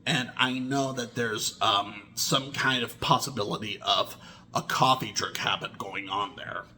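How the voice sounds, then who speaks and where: Slow-spoken man with a bright voice. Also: fairly even intonation, a little hiss or hum. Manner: slow, deliberate, with sudden swings in pitch and loudness. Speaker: vlogger. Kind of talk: rambling personal monologue to camera.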